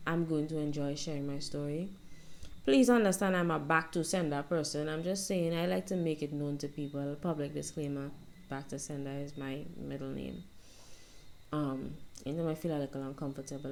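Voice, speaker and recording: Young woman vlogger, low gravelly voice, soft and rambling, home phone recording. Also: steady tone, moderate pace. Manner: soft-spoken, rambling, reflective. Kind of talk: casual self-help vlog monologue.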